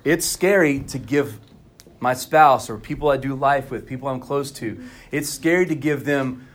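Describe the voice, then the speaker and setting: A man's voice: medium pitch, normal speed. A man preaching a sermon as pastor at a church service, talking candidly and conversationally to the congregation.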